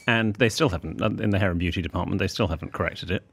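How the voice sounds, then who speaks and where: A man's voice: low voice, rapid-fire, vocal fry, husky. A man in his thirties co-hosting a casual podcast, a prim, precise storyteller who gets indignant and acts out the people in his anecdotes. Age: 30s. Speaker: podcast co-host, etiquette expert.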